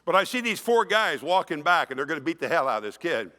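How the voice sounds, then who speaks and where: A man's voice: a little high, quick pace. A man in his sixties giving an emphatic keynote speech, telling stories to an audience in a conference hall. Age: 60s. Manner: animated, emphatic storytelling, acts out quoted voices. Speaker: keynote speaker. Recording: long reverb of a large hall.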